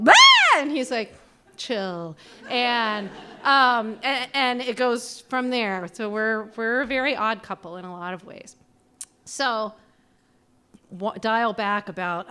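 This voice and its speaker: A woman in her forties telling a personal story live on a small theater stage, animated and self-deprecating, acting out the voices she quotes. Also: medium pitch, smooth.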